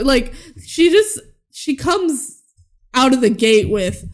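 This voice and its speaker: A fairly high-voiced woman talks through a film recap with her co-host in an easy, chatty way. She often slips into quick voices for the characters and laughs a lot along the way. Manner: animated, acts out characters' lines, laughs often. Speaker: podcast co-host. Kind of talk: casual chat recapping a movie.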